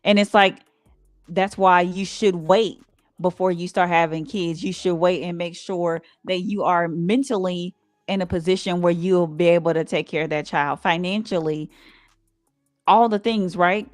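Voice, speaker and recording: Woman, podcast co-host, earnest advice, low voice, dry sound, faint music. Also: fairly even intonation, no room sound. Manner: earnest, advice-giving, measured. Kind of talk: casual chat.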